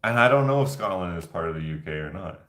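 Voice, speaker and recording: A man's voice: deep voice, animated, quick pace, a bit bright. A man vlogging and answering viewer questions in casual chat, rambling and jokey, laughing easily. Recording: echoey room.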